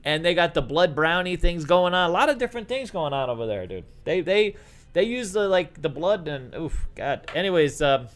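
A middle-aged man with a Boston accent hosts a loose podcast conversation. His voice sits a little high for a man. He rambles, jokes and keeps breaking off his own sentences to start again. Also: animated, moderate pace, a bit bright. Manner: rambling, jokey, self-interrupting. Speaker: podcast host. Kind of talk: casual chat.

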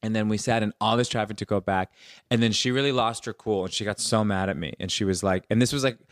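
A man from Long Island, a guest on a podcast, telling personal stories in an animated way and acting out the quotes. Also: lowish voice, fast talker, dry recording, studio quality. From Long Island, New York. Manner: animated storyteller, acts out quotes of himself and others. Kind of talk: casual podcast conversation.

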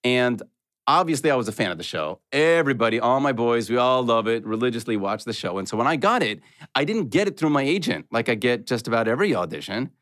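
Animated man telling stories. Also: medium pitch, fast. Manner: animated storyteller, slips into accents. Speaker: actor guest. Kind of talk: casual podcast chat.

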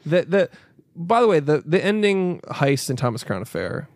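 Gravelly, lively-voiced podcast guy. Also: on the high side, normal speed, dry recording, studio quality. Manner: loose, profane, rambling with restarts. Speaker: podcast co-host. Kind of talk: casual chat.

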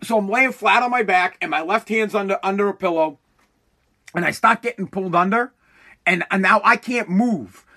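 High, bright-voiced rambling podcast host. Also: male voice, moderate pace. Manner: rambling, profane, restarts often. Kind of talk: casual solo podcast monologue.

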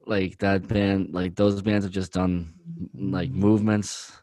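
A man's voice: sits low, flat delivery, takes it slowly, warm tone, no echo. A man co-hosting a podcast, talking earnestly in a rambling way with many fillers. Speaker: podcast co-host. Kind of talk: casual chat.

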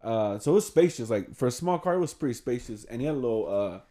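A young man telling stories in casual chat. He talks with slang and swearing, laughs often, and gets loud when acting out his friends. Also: mid-range voice, animated, quick pace. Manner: slangy and profane.

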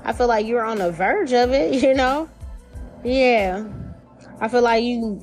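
A woman giving a casual spiritual reading, talking in a chatty, slangy way, swearing freely and acting out imagined voices with big jumps in pitch. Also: a little mellow. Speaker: tarot reader.

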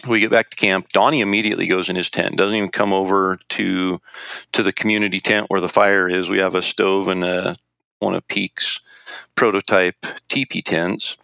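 A man's voice: low voice, little pitch movement, moderate pace, vocal fry, pushed and bright, no echo. A man telling a long hunting-trip story in a casual, rambling way, with restarts and quoted dialogue. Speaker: guest recounting a hunting trip.

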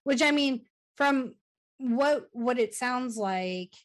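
A woman's voice: sits high, takes it slowly. A woman in her forties recapping a movie in casual podcast chat, full of "like" fillers and easy laughs. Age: 40s. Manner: chatty, frequent "like" fillers, laughs easily.

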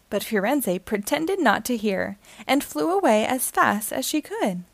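A woman reading a children's picture book aloud, telling the story in a gentle, expressive way. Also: a little high, unhurried, creaky, few pauses, no echo.

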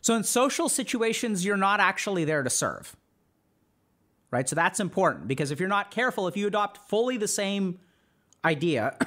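A man's voice: high-pitched, fairly bright tone. A man hosting a podcast, giving casual advice to a live chat, acting out imagined inner voices and often asking "right?". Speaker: podcast host, psychiatrist.

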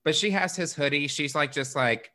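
Bright-voiced joking male podcast host. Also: a little high, moderate pace. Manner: crude, joking, rambling retelling. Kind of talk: casual movie review chat.

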